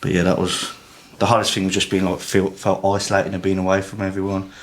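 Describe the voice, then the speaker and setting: Low-voiced young Englishman, rambling. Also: monotone, quick pace, a little hiss or hum. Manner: rambling, lots of "like" and swearing. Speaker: podcast guest. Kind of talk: emotional casual chat.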